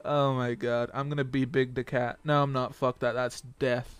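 A young man chatting casually while playing a game with a friend, loud in his outbursts, swearing often and laughing a lot. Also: mid-range voice, little pitch movement, normal speed, clean tone, no echo, soft background music. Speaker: co-player. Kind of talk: casual gaming chat.

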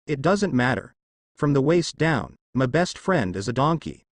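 A man's voice: mid-range voice, sing-song, unhurried, no echo. A man voicing a blunt teenage boy, talking in an exasperated way.

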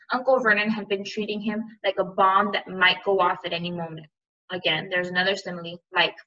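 Woman teacher, read-aloud lesson; bright, distant, dull lo-fi recording. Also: mid-range voice. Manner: explanatory, checking in with "right?". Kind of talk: reading a novel aloud and explaining figurative language.

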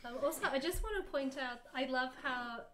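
High-pitched woman reading along on a stream, giggly, faint hiss behind her. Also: fairly quick, a bit bright. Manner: amused, giggly asides. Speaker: guest co-reader. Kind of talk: comedic reading on a livestream.

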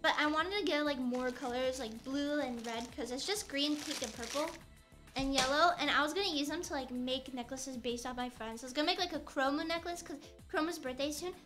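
A young woman chats in a loose, playful ramble as she works on a craft during a live stream. Her voice sits high and comes across bright and clear. Soft music plays faintly behind her. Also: fairly quick. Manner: rambling, playful, chatty with restarts. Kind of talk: casual chat while crafting on stream.

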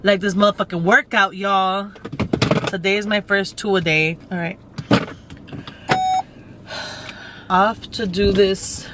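A woman's voice: medium pitch, big pitch swings, slow, pauses often. A young woman vlogging from her car, chatting casually and rambling, swearing freely and saying "like" a lot. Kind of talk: casual day-in-my-life chat. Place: in a car, driving. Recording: road noise from a moving car.

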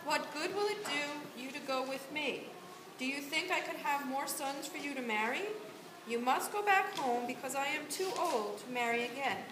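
A woman's voice: sits high, lively intonation, moderate pace. A woman volunteer reading the part of Naomi, a grieving widow, aloud in church. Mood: pleading. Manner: earnest plain read-aloud delivery. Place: church sanctuary. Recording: echoey church room with hiss.

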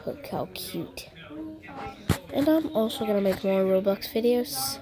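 A woman's voice: on the high side, unhurried. A woman playfully narrating her toy play for viewers in a silly, chatty way. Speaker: channel host. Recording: noisy with clicking sounds.

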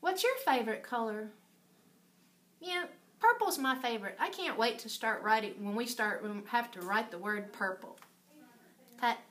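A woman teaching preschool circle time, talking slowly in an exaggerated sing-song way and dropping to whispers for effect. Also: fairly high pitch, animated, a bit bright. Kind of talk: circle time lesson for young children.

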